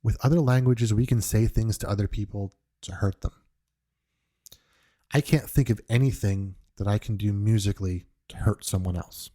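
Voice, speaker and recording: A man's voice: lowish voice, normal speed, mellow. A man from New York hosting a podcast, talking earnestly and reflectively in an unscripted monologue, often restarting his sentences. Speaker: podcast host.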